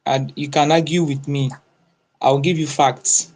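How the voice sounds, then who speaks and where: A man's voice: a little high, steady tone, unhurried, a little mellow, low-quality recording. A man joining a live audio chat as a guest speaker, hesitant, with many fillers and restarts, then insistent when he makes his point. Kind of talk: casual chat.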